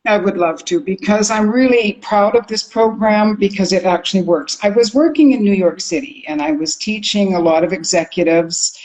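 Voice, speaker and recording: Expressive older woman, accent coach. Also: medium pitch, normal speed, few pauses, rough recording. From Canada. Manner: expressive, sings out rhythms and sounds. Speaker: accent coach and communication teacher. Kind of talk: animated interview storytelling.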